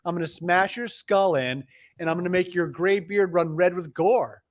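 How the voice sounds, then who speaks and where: A man's voice: high voice, normal speed, close to an everyday voice. A man quoting a menacing war goddess. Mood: threatening. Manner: threatening, boastful.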